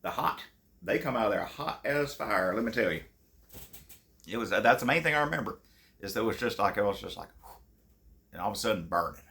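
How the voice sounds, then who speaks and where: A man's voice: fairly low pitch, animated, a little fast, pauses often, bright, forceful tone. A man from telling hunting stories in a casual, folksy way, laughing easily. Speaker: channel host and storyteller. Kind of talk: casual storytelling. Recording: echoey room.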